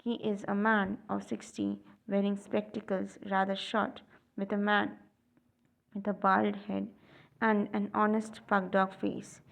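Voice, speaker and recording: Lady reading play directions for learners, gravelly, middling pitch. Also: little pitch movement, unhurried. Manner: reads stage directions aloud, small slips. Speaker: audiobook reader. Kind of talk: reading a stage play aloud.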